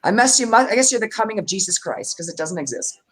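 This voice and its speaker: A woman's voice: medium pitch, expressive, fast talker. A woman hosting a livestream, talking bluntly and with emphasis in casual chat. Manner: blunt and emphatic, mocks others in quoted voices. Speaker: live stream host.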